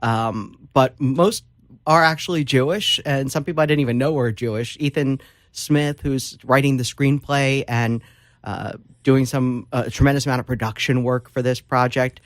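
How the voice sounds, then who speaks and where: A man at a middle pitch, talking as a guest author in a casual interview. He tells stories with animation and a lot of fillers. The room is dry and close. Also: fairly even intonation, moderate pace, no room sound.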